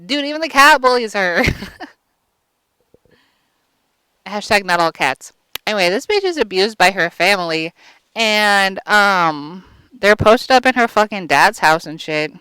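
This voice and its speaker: A woman's voice: medium pitch, expressive, normal speed, bright, forceful tone, smooth, dry recording. A woman vlogger giving a casual comic movie recap, crude and rambling with lots of fillers.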